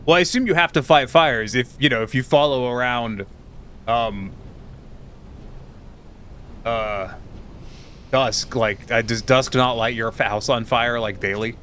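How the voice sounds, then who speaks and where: Man, live streamer, bright tense voice, tired rambling chat, faint rumble behind. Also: fairly even intonation, a little slow, pauses often.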